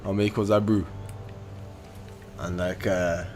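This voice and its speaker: A low-pitched man with a Manchester accent, chatting loosely on a game livestream and full of ums and uhs. Music plays clearly underneath his voice. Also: flat delivery, slow pace. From Manchester, England. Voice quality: chatty, filler-heavy. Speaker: streamer. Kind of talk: casual game livestream chat.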